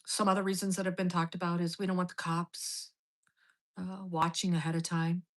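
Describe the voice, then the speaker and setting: A woman's voice: on the low side, flat delivery, moderate pace, poor audio. A middle-aged woman telling a story in a casual monologue, blunt and profane. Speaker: host.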